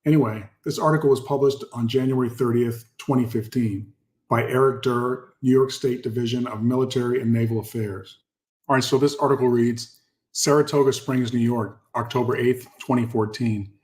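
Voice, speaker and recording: A man's voice: mid-range voice, steady tone, moderate pace, a little mellow. A man hosting a history channel, reading old articles aloud and stopping to stress and repeat key words for his viewers.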